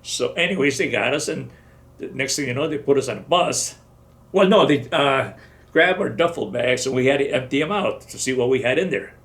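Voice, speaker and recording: An older man in his seventies recalls his service in a loose, wandering storytelling manner, and often acts out what others said. His voice has a gravelly fry, set at a middle pitch for a man. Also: lively intonation, brisk, a bit bright. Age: 70s. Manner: rambling storytelling, acts out dialogue. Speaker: veteran interviewee. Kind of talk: oral history interview.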